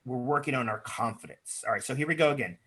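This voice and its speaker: A man's voice: medium pitch, fast talker, bright, forceful tone, breathy edge. A man leading an online speaking workshop, chatty and encouraging, with lots of fillers, over a video call. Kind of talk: workshop talk with improv exercises.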